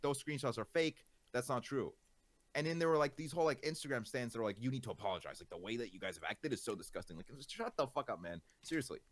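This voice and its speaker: A man's voice: medium pitch, fairly bright tone. A male streamer in casual chat, ranting with exasperation, swearing often and leaning on fillers.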